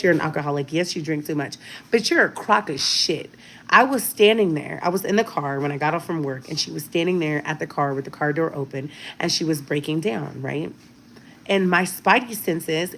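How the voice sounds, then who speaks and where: A woman's voice: on the low side, a bit bright, a little hiss or hum. A woman in her thirties talking casually to her viewers, telling a personal story with emphatic repetition and frequent "right?" check-ins. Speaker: vlogger.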